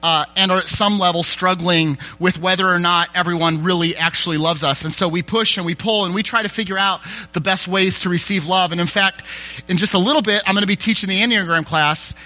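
A man's voice: high-pitched, steady tone, fairly quick, bright, forceful tone. A man preaching a sermon in a church, candid, conversational and self-deprecating, a little teary.

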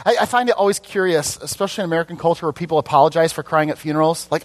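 A man's voice: on the high side, very fast. A middle-aged man preaching a conversational sermon, chatty and casual, often asking the congregation questions. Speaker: pastor.

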